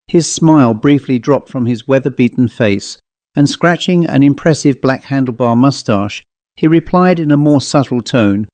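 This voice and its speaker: Mellow-voiced man reading a ghost story. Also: mid-range voice, lively intonation, dry recording. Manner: measured, formal storytelling. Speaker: narrator and author. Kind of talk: scripted ghost story narration.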